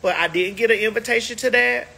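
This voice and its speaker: A woman's voice: on the high side, fast, creaky, bright, forceful tone, slightly rough. A woman hosting a casual livestream, chatting to viewers in a sassy, emphatic way, stretching words out for effect. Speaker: livestream host.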